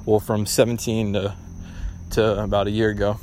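A man's voice: lowish voice, level tone, moderate pace, a little mellow, a little hiss or hum. A young man hosting a casual solo podcast, talking bluntly and ramblingly with lots of swearing. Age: young adult. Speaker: podcast host.

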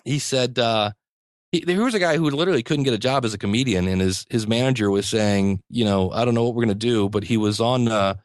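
A man's voice: mid-range voice, quick pace, dry recording, studio quality. Enthusiastic man, rambling guest. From United States. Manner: rambling and enthusiastic, many restarts and chuckles. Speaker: podcasting teacher, guest. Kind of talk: conversational interview.

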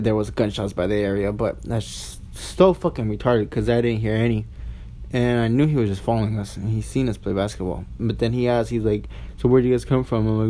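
A man's voice: medium pitch, warm tone. Rambling, profane eighteen-year-old guy. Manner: rambling, profane, full of "like" and restarts. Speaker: storyteller. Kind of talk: casual storytime monologue.

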